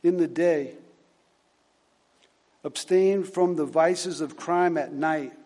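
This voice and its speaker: Preaching in a large hall, a man with a slightly high, somewhat mellow voice retells a story and reads scripture haltingly, repeating words and using many fillers.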